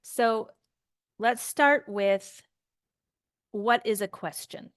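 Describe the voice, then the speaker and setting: Patient, slow-speaking woman teacher. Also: on the high side, dry recording, studio quality, soft background music. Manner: slow, patient explaining with frequent "okay?" checks. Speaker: English teacher. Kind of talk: online grammar lesson.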